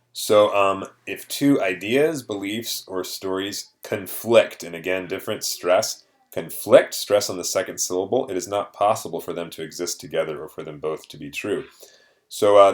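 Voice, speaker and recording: A deep-voiced male teacher talks his students through a vocabulary lesson. He explains patiently, pausing on ums and uhs as he goes. His tone stays plain and instructive throughout.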